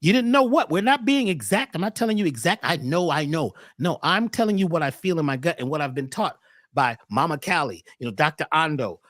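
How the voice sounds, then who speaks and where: A man as a podcast guest talking casually in an animated, preachy way, often repeating words as he starts a thought. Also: a little high, fairly quick, dry recording, studio quality.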